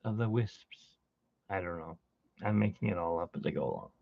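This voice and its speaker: A man's voice: low voice, animated, fast talker, gravelly, no echo, phone-quality sound. A tired man who got little sleep, hosting a live drawing stream and chatting casually in a rambling way as he works. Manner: rambling storyteller, hums while working.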